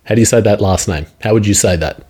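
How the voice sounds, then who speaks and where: A man's voice: lowish voice, quick pace, darkish tone, breathy edge. A man, co-hosting a casual podcast and teasingly coaching others on pronunciation. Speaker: podcast co-host. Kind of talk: casual chat.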